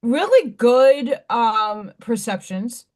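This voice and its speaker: Greeting her viewers by name, a middle-aged woman hosts a laid-back livestream and rambles as she chats. Her voice is on the high side, with lively intonation and a slow pace.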